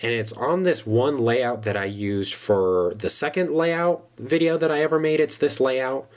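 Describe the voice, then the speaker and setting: A man, the channel's host, casually rambling about his old videos with many fillers. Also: fairly low pitch. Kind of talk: casual commentary.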